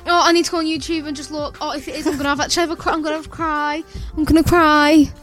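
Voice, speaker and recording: Young woman, high voice, excitable and sweary, casual chat, faint music behind. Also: very fast. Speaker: podcast co-host, quiz contestant.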